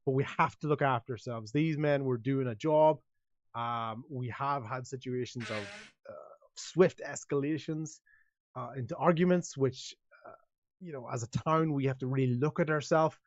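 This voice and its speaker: A man's voice: mid-range voice, no echo, lo-fi sound, natural voice. A man playing a flustered, placating town mayor. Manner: placating, halting, official-sounding.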